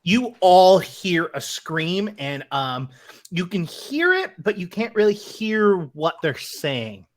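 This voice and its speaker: A woman running a tabletop game as game master, narrating with halting pauses and fillers. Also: fairly low pitch, sing-song.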